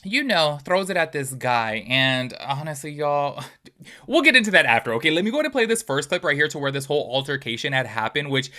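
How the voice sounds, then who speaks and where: A man hosting a casual commentary video, chatty and animated, talking straight to his viewers. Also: fairly high pitch, a little fast. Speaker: host.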